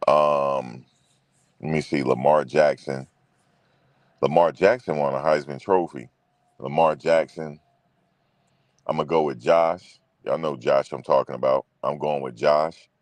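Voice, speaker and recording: Deep-voiced man in loose sports chat. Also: fairly even intonation, a little slow, long pauses, no room sound. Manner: loose, profane, repetitive, talks to viewers directly. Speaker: sports show host.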